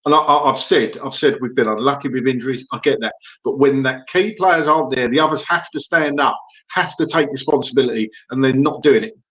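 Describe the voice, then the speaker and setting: A man's voice: medium pitch, a little fast, a bit bright, muffled recording. A man talking as a guest pundit in a casual football podcast chat, emphatic and frustrated, laughing between his points.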